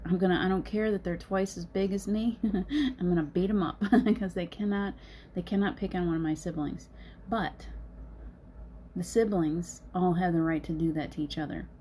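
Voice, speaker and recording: A middle-aged woman speaks in an earnest, encouraging way and laughs often. Her voice sits a little low and sounds mellow. A faint background noise runs under the recording. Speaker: host. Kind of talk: casual motivational talk.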